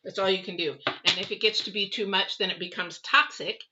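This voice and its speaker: A woman's voice: mid-range voice, fairly even intonation, fairly quick, bright, forceful tone, highs cut off, slight background noise. A middle-aged woman doing a live tarot reading, chatty and rambling, talking straight to her viewers. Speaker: tarot reader.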